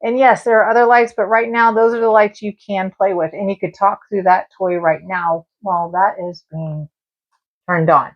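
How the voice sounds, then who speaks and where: A woman's voice: medium pitch, fairly even intonation, normal speed, muffled recording. Chatty woman hosting a live stream. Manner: chatty, talks straight to viewers and spirits. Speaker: live-stream tarot and spirit box host. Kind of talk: casual live-stream chat.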